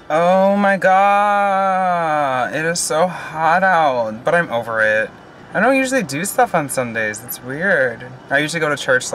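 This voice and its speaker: This is a goofy, rambling outdoor vlog from a man in his twenties, who mocks himself while walking a nature trail. His voice is on the high side, and there's background noise.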